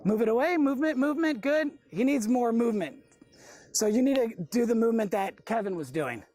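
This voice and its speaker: A woman's voice: on the high side, expressive, brisk, dark tone. Chatty woman dog trainer. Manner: chatty, acts out the dog's side in dialogue. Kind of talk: group class instruction.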